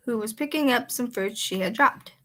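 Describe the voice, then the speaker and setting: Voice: mid-range voice, moderate pace, sharp tone. A playful reader and voice impressionist who reads a story aloud, breaks off to chat, and giggles often. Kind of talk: casual read-aloud with chatter.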